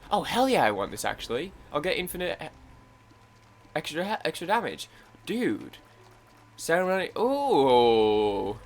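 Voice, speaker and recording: A young man commenting casually on his own gameplay, rambling and excitable, with frequent restarts. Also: fairly high pitch. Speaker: gaming YouTuber. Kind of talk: casual let's-play commentary.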